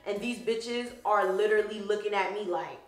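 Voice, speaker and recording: A woman's voice: medium pitch, normal speed, roomy sound, rough recording. A young woman vlogger telling a dating story in a casual, sassy way, swearing freely. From Haitian background.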